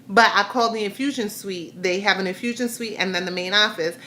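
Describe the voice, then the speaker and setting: Bright-voiced woman telling a candid story. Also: mid-range voice, a little fast, slight background noise. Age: adult, has a grown son. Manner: candid, rambling retelling with frequent restarts. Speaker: vlogger. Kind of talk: personal storytelling vlog.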